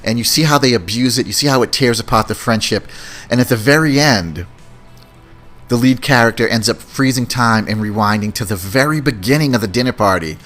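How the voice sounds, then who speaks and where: A man's voice: medium pitch, fairly quick, fairly bright tone, faint music behind. A man hosting a podcast, chatting casually about movies in a rambling way and often repeating words. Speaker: podcast host. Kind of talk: casual movie review chat.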